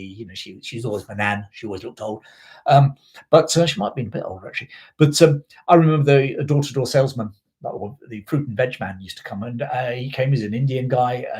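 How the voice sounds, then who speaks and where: With a mid-range, slightly mellow voice, a middle-aged man who grew up in South Africa chats live on his history channel. He rambles casually, wandering into tangents and leaning on filler words.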